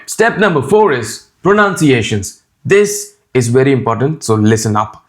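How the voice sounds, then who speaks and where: A man's voice: mid-range voice, fairly bright tone. A man with an Indian accent whose first language is Tamil, giving a casual spoken tutorial as a YouTuber in a chatty, direct way, often adding "man" and "right?".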